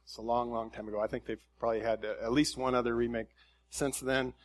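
A man preaching a conversational sermon in a relaxed, folksy way, with frequent fillers and restarts. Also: mid-range voice, fast talker. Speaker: pastor.

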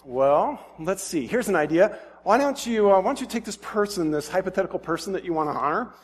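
Man putting on a scheming official, frantic, eager, wheedling, high-pitched, lively. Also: a little fast, slightly rough, big-room sound. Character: flustered scheming royal official, male.

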